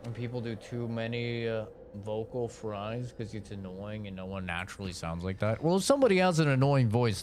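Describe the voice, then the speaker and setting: A man's voice: on the low side, darkish tone, a little hiss or hum. Guy streamer rambling casually while gaming, lots of likes, voice all over the place. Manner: rambling, casual, filler-heavy. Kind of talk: live-stream gaming commentary.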